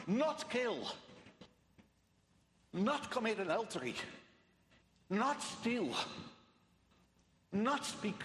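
A man preaches in a high, lively voice that climbs and falls, taking his words slowly. He hammers his points through repetition, swinging from hushed to loud. The sound rings through a large hall with a long echo. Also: a little hiss or hum. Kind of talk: sermon. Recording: echoey hall with long reverb.

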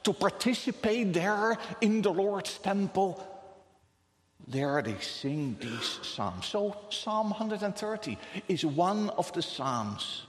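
A man's voice: a little high, animated, slow pace. A man preaching a sermon with impassioned delivery, rising to calls and dropping to near whispers. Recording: echoey hall, long reverb.

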